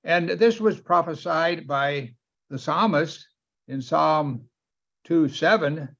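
A man's voice: fairly high pitch, takes it slowly, gravelly, fairly bright tone. A man preaching a sermon with emphasis, often asking his listeners questions. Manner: emphatic, asks the audience questions. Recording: dull, lo-fi sound.

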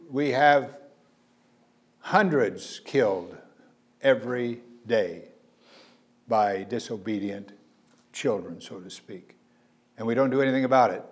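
A man preaching a sermon, earnest, swinging between loud emphasis and quiet asides, with frequent hesitations. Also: medium pitch. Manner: earnest, varies loudness for emphasis, frequent uh fillers.

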